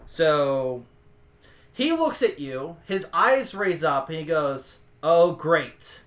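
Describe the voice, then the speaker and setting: Guy running a tabletop game, kinda high voice, jokey and casual. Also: very animated, slow, a bit bright. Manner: casual, joking. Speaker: game master.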